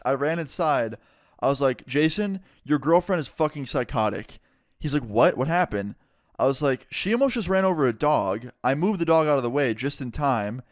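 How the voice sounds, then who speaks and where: A man's voice: dry recording, studio quality. A young man telling a storytime about being wronged, casual and full of swearing, his voice jumping up when he gets worked up. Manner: animated, swears a lot, rises in pitch when riled. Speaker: storytelling vlogger.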